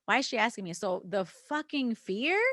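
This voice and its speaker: A woman's voice: mid-range voice, expressive, normal speed, fairly bright tone, no echo. Candid woman telling a story, dry sound. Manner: acts out quoted dialogue with others; casual swearing. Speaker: podcast co-host. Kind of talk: casual podcast conversation.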